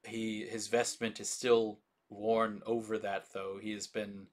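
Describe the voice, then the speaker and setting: A man narrating a tabletop game as game master, describing scenes in slow, descriptive detail. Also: lowish voice, little pitch movement.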